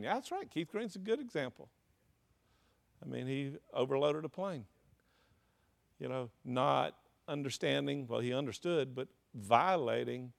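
A man's voice: medium pitch, vocal fry. A man preaching a sermon, tossing questions to the congregation and answering them. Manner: call-and-response preaching, asks the congregation questions. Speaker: pastor.

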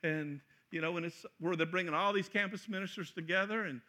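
A middle-aged man preaching a sermon, joking and acting out scenes, sometimes breaking into loud shouts. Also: high-pitched, brisk. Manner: animated, joking, acts out voices with loud shouts. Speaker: pastor.

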